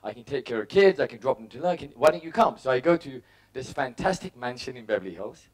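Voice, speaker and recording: Here a middle-aged motivational speaker from England talks fast and animatedly in a mid-range voice. Personal stories fill his talk, with his own thoughts acted out in short, punchy bursts.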